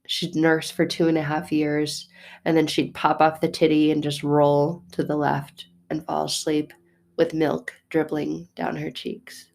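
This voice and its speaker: A woman in her thirties telling a personal faith story as a mother, casual and animated, with laughing, mock-exasperated asides. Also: deep voice, unhurried, vocal fry. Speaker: mother sharing a faith reflection. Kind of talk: casual spoken reflection.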